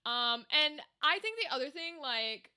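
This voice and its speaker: A woman's voice: sits high, animated, a little slow, sharp tone. A young woman voice actor chatting casually with her chat on a live stream at home, rambling and reacting to messages. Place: home room with a table setup. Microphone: desk microphone.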